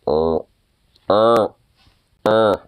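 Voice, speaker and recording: A man's voice: fairly low pitch, extremely slow, clear, resonant tone. A young man chatting casually to the camera and his dog, loose and profane, laughing often and full of fillers. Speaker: dog owner vlogger.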